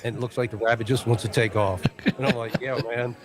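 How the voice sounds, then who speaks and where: A man's voice: fairly low pitch, fairly even intonation, fast, a crowd in the background. Laid-back male radio co-host. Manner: laid-back, easygoing, upbeat musings. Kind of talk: casual radio chat.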